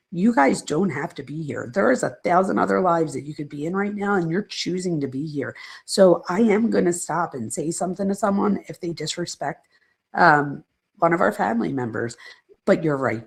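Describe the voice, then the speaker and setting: Gravelly middle-aged woman chatting on a stream. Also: low-pitched. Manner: rambling, chatty, reads viewer comments aloud. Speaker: psychologist hosting a live stream. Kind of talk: casual live-stream chat with viewers.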